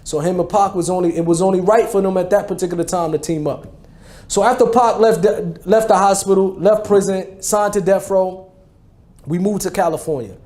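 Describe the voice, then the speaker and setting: A man's voice: high voice, fairly quick, a little mellow. A man in his forties from New Jersey with a New Jersey accent tells his life story in casual street slang, often repeating and restarting phrases. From New Jersey, USA. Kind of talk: conversational testimony.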